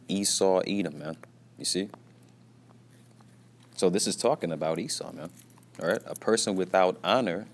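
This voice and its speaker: A man teaching a casual scripture lesson from his workplace, repeating himself and tagging his lines with "you see" and "man", and keeping his voice down at times. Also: sits low. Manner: repetitive, peppers talk with "man" and "you see"; speaks quietly at times, mindful of being at work.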